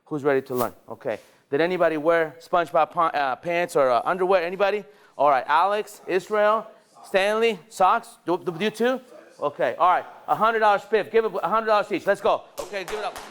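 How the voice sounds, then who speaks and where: A man leading a sales training session at a dealership, energetic and rallying, firing questions at the staff in the room. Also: sits high, brisk, clear, resonant tone.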